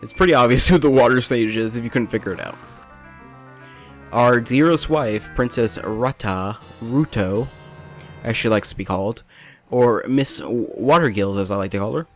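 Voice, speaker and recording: A man's voice: medium pitch, moderate pace, soft background music. A young man rambling through self-mocking gameplay commentary, with jokes and asides. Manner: self-deprecating, rambling, jokey. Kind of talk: rambling let's play commentary.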